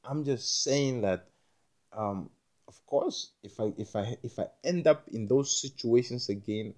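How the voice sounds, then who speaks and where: A young man talking in a rambling monologue, halting and repeating himself, with frequent swearing. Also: mid-range voice, a little mellow.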